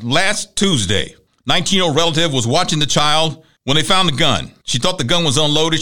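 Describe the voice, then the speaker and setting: A man's voice: on the high side, pushed and bright. A man hosting a talk show, casually running through news and celebrity gossip with wry asides and laughs at his own jokes.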